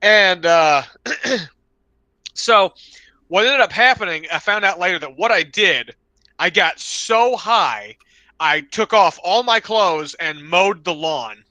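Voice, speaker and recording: Animated man telling wild stories. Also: high voice, slow pace, no echo. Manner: rambling, animated, slips into loud put-on voices for friends. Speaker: podcast co-host. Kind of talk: casual storytelling chat.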